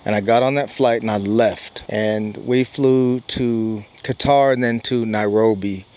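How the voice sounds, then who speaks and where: A man's voice: on the low side, fairly even intonation, measured pace, darkish tone, clear, resonant tone. A man earnestly telling a personal travel story to camera, emphatic and acting out the dialogue. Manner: earnest, emphatic retelling with lots of quoted dialogue.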